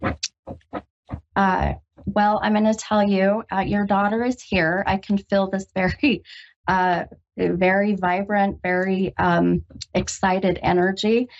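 Woman, psychic radio host, lightly gravelly, hesitant and comforting, muffled lo-fi sound. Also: medium pitch, little pitch movement. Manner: halting, full of ums, gentle and reassuring. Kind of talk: call-in psychic reading. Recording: dull lo-fi radio recording.

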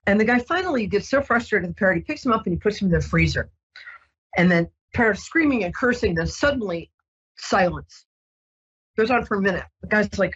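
Husky lady psychic on the radio, soothing, lots of ums, dull muffled sound. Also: medium pitch, expressive, brisk. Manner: gentle, reassuring, rambling with many ums. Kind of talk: casual radio psychic reading.

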